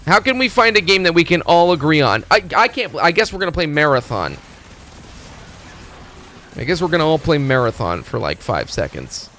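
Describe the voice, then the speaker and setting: A man chatting casually on a live stream, ranting loudly with constant swearing and jumping between topics. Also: fairly high pitch, normal speed, a little hiss or hum. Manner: profane ranting, animated.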